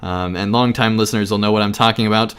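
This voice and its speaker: A man's voice: on the low side, steady tone, quick pace, a bit bright, smooth. A man giving a casual podcast thank-you message in an earnest, grateful way, with a few fillers.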